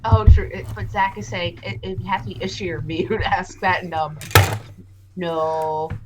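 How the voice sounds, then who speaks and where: A woman's voice: fairly low pitch, steady tone, moderate pace. Giggly woman co-host, noisy line. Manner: teasing, giggly. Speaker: podcast co-host. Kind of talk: casual banter.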